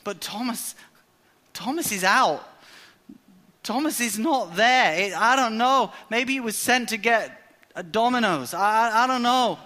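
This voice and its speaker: A man preaching a sermon, telling the story in a lively way and acting out the characters' lines. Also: very high-pitched. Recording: long hall reverb.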